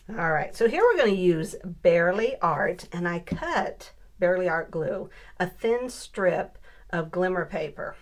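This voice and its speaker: A woman's voice: lowish voice, animated, moderate pace. A woman hosting a casual crafting tutorial, chatting upbeat with viewers as she works. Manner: chatty, upbeat, talks to viewers while working. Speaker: crafting video host.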